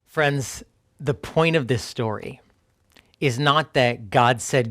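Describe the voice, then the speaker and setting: A man's voice: medium pitch, unhurried, a bit bright. A male pastor preaching a sermon in a conversational, emphatic way, sometimes dropping to a near whisper on key points.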